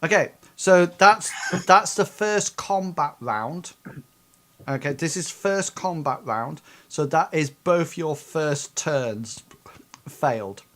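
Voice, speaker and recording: Slow, hesitant man running a tabletop game. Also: fairly high pitch, expressive, a bit bright. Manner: hesitant, many ums and restarts. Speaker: game master.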